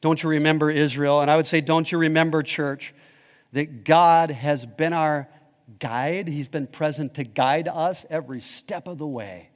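A man's voice: fairly high pitch, steady tone, moderate pace, big-room sound, lo-fi sound. A man pastor preaching a sermon emphatically, rising and falling in intensity.

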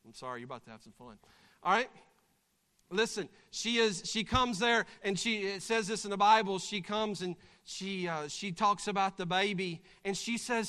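Animated pastor, bright voice, church reverb. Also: male voice, high-pitched, normal speed, clean tone. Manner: animated, acts out voices and shouts during the story. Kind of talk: sermon with live acted illustration. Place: church sanctuary. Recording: long church hall reverb.

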